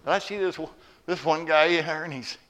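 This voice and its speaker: A man preaching a sermon and telling a story, moving between hushed, quiet lines and loud, emphatic ones. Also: on the high side, normal speed. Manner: animated, swings from hushed to loud. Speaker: pastor.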